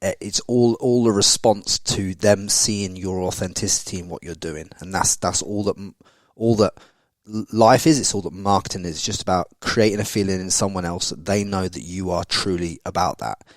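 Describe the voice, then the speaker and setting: A man hosting a casual podcast interview, blunt and energetic, swearing freely. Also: low-pitched, moderate pace, dry recording. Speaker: podcast host.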